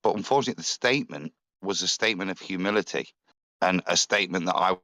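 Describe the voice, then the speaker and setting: A man on a live panel who argues earnestly, often restarting his sentences. His voice sits somewhat low. The recording is dry and close to the mic. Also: quick pace, sharp tone, no room sound.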